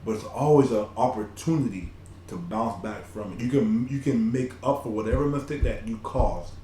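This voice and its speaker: A man's voice: mid-range voice, normal speed, dark tone, slight background noise. Earnest man giving a motivational talk in a roomy space. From Nigeria. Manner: earnest and repetitive, with many restarts. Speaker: podcast co-host. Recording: roomy echo.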